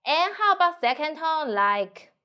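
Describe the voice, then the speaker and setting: A woman with a Mandarin Chinese accent teaching a language lesson at a slow, unhurried pace. Her voice sits a little high, and her simple English runs in a singsong way as she models each tone. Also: big pitch swings, sharp tone.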